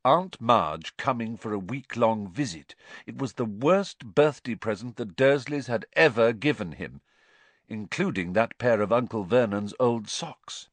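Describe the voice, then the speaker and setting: A man reading a story aloud with an expressive, lively delivery. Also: mid-range voice, a little slow, no echo. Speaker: audiobook narrator. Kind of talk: scripted storybook narration.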